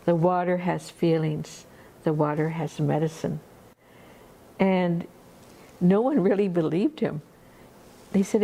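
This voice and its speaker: Lady telling a story at a water festival, warm mellow voice, chatty and slow-going. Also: fairly low pitch. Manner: unhurried, conversational, full of asides. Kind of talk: oral storytelling.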